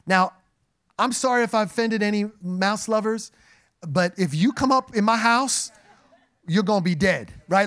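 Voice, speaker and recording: A man preaching a sermon to a congregation, animated and joking as he speaks to them directly. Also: high-pitched, moderate pace, smooth. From New Jersey. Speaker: pastor. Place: church sanctuary.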